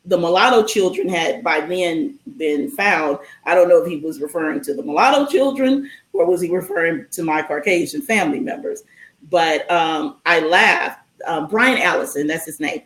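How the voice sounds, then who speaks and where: A woman guest telling a long personal story in a casual interview, animated and full of ums and restarts. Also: on the low side, normal speed, reverberant, rough recording.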